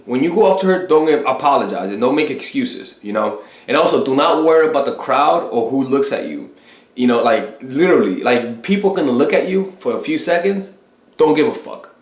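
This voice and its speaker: Cocky, swearing male dating coach in echoey room. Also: medium pitch. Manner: cocky, profane, animated role-play of pickup lines. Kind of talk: casual coaching talk.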